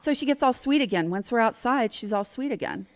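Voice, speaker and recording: Animated middle-aged woman telling a story. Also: fairly high pitch, brisk. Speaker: podcast guest. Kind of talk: telling a personal story in casual chat.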